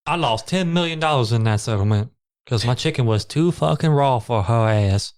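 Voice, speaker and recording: A man co-hosting a podcast in casual chat, tossing in deadpan jokes and profanity. His voice is plain and mid-pitched. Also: normal speed, soft background music. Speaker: podcast co-host.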